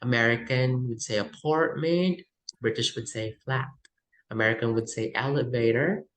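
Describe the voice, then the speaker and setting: A woman's voice: rumbling low, moderate pace, rough recording. A woman coaching English test vocabulary, listing word pairs and slipping into Tagalog asides. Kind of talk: teaching vocabulary in a lesson.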